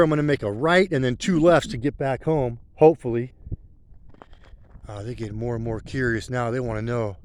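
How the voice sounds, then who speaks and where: A man's voice: medium pitch, steady tone, normal speed, smooth. A middle-aged man, talking in a rambling, heartfelt way while out on a country road. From rural country background. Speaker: motorcycle vlogger. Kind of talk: casual spoken vlog while riding.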